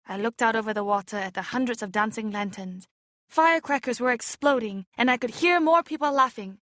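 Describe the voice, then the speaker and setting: Woman, audiobook narrator, measured and softly expressive, slightly high voice, dry close read. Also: no room sound. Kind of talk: scripted narration.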